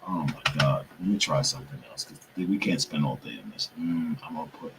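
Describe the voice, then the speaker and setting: A man's voice: extremely low pitch, expressive, a little fast, gravelly, background noise. A young man hosting a show, talking casually to viewers while he struggles with his computer, muttering and swearing to himself in frustration. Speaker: podcast host.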